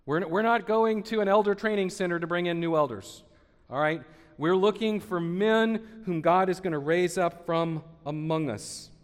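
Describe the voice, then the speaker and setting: A man, his voice set a little high for a man. He speaks earnestly, repeating words and restarting phrases as he builds to emphatic points. The sound carries a long reverb from the church hall. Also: moderate pace, smooth. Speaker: pastor. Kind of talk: sermon. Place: church sanctuary.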